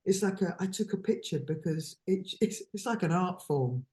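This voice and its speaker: A woman's voice: fairly low pitch, animated, moderate pace, warm tone. A woman chatting as a podcast guest, effusive and giggly, laughing between phrases and trailing off into restarts. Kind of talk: casual chat.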